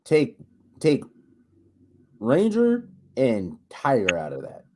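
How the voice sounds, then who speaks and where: A man's voice: mid-range voice, slow pace, background noise. A man co-hosting a casual podcast, rambling and profane, stumbling over repeated restarts as he rants. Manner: animated, ranting. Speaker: podcast co-host.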